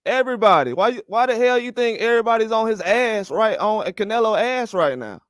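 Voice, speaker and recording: Heated profane boxing rant, high voice. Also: male voice, expressive, brisk, fairly bright tone, no echo, studio quality. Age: older. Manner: fired up, profane, repeats rhetorical questions. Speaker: boxing commentary host.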